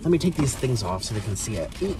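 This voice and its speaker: A man hosting a casual mukbang from a parked car, excitable and gushing about the food. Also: fairly low pitch, fast, recorded from a distance. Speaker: host. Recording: set back from the mic, faint background noise.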